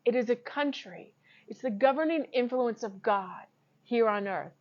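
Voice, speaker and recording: A woman's voice: a little high, normal speed, darkish tone, dull audio. A woman giving an informal, earnest sermon to camera, emphatic and laughing often. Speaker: Christian teacher.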